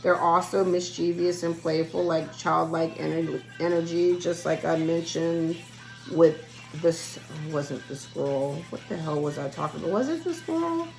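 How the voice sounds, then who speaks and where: A woman talks to her viewers in a loose, rambling vlog, giving a spiritual reading. Her voice sits fairly low and grinds with gravelly fry. Soft music plays faintly behind her. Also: flat delivery, a little slow, poor audio. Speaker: spiritual reader. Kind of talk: casual solo vlog monologue.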